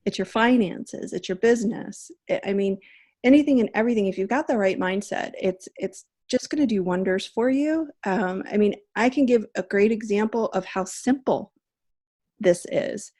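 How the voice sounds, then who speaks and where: A woman's voice: mid-range voice, moderate pace, warm tone. Woman in her 30s hosting a chat, earnest and chatty, lots of "you know", voice sits mid-range. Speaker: host. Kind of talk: casual video chat.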